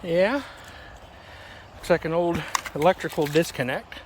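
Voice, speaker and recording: A man narrates his riverside fishing outing into a handheld camera in a relaxed, folksy way, slipping in small jokes. His voice sits at an ordinary middle pitch. Soft outdoor ambience and birds hum faintly behind him. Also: unhurried. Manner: folksy, chatty, jokey. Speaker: fishing vlogger. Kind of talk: casual vlog narration.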